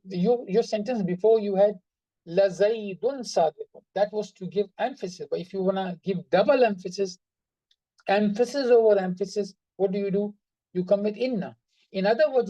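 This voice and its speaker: A grammar teacher explains a lesson patiently, going over each example again and again. The voice is mellow and dark, with emphasis carried by tone. The recording is close and dry, with no room sound. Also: mid-range voice, dry recording, lo-fi sound. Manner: patient, repeats examples and stresses words by tone. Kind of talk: online class explanation.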